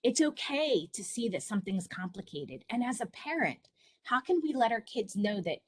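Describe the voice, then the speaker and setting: Husky-voiced woman presenting to parents. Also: a little high, big pitch swings, normal speed, no room sound. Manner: personal storytelling, earnest and encouraging. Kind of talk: online presentation for families.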